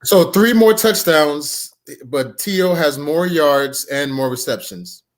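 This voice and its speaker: A man's voice: on the high side, expressive, slow pace. A man co-hosting a casual sports debate podcast. He questions his co-hosts and pushes back on their points. His voice rises and falls a lot. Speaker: podcast co-host.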